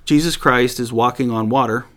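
A man teaching through Bible passages in a conversational, animated way, reading verses aloud and joking with his listeners. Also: mid-range voice, moderate pace. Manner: conversational, animated, chuckles often.

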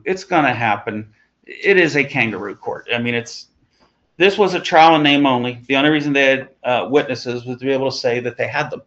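A man's voice: mid-range voice, fairly bright tone, lo-fi sound. A man leading an informal Bible study, talking conversationally with chuckling asides as he reads and explains scripture.

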